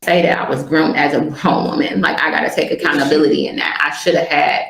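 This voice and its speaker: A woman's voice: low voice, steady tone, quick pace, creaky, fairly bright tone. A young woman telling a personal story as an interview guest, rambling and candid. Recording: roomy echoey recording.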